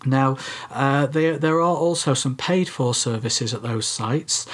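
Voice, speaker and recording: A man's voice: mid-range voice, measured pace, breathy edge. A man co-hosting a casual podcast, explaining things step by step with frequent ums and uhs. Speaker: podcast co-host. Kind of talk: casual tech podcast chat.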